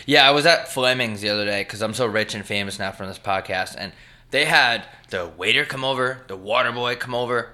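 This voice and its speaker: A man's voice: medium pitch, a little fast, bright, forceful tone. A man hosting a comedy podcast in casual banter, ranting with plenty of swearing and exaggerated outbursts. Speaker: podcast host.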